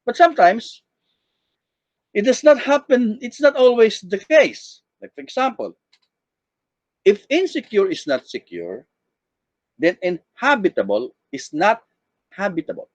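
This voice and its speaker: A man's voice: sits high, big pitch swings, measured pace, long pauses, no room sound. A man giving an online class lecture, acting out example sentences to show how intonation changes meaning. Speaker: teacher. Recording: dull, lo-fi dry recording.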